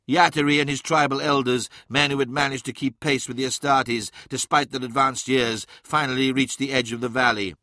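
Male audiobook narrator, measured and dramatic, bright tone, dry close sound. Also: mid-range voice, steady tone, no echo.

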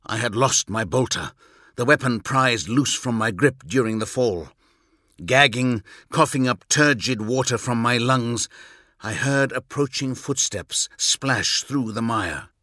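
A male audiobook narrator telling a first-person story in a measured, intense way. His voice is bright and forceful, at a middle pitch. The sound is close and dry, with no room around it. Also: dry recording.

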